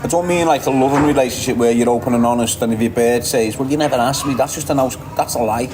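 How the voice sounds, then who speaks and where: Fast-talking and mid-range in voice, a Liverpool-accented man casually chats with livestream viewers, reading comments while swearing often and laughing a lot. The background is noisy.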